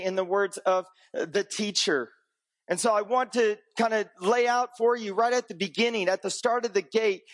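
A man preaching a conversational sermon, teaching with rhetorical questions and light humor, swinging between raised emphatic passages and low, quiet ones. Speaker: pastor.

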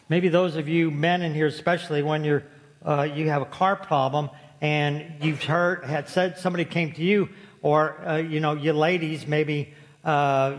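A man preaching a sermon to his congregation, folksy and storytelling, joking with the room. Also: fairly high pitch. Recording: long hall reverb.

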